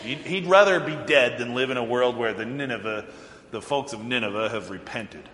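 A man's voice: mid-range voice, normal speed, slight background noise. A man preaching a sermon as a pastor, telling the story with animation, chuckling often and acting out the lines. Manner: animated, chuckling storyteller who acts out quotes. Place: church sanctuary. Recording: echoey church hall.

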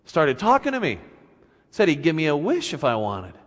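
A humble, meek fisherman, as a preacher plays him, hesitant and stammering, softer and lower than the narrator. His apologetic voice carries a long hall reverb. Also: huge pitch swings, normal speed. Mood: sheepish.

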